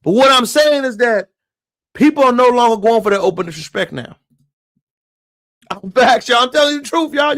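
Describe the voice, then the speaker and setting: A man's voice: very high-pitched, expressive, normal speed, long pauses, fairly bright tone. A man giving impassioned live-stream commentary, emphatic and preachy, who keeps calling his viewers y'all. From moved to Texas from elsewhere.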